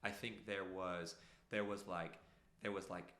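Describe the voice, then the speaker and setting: A man's voice: low voice, fairly even intonation, unhurried, pushed and bright, reverberant. A man, a podcast guest telling his story earnestly, rambling with many fillers. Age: 30s. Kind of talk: casual storytelling.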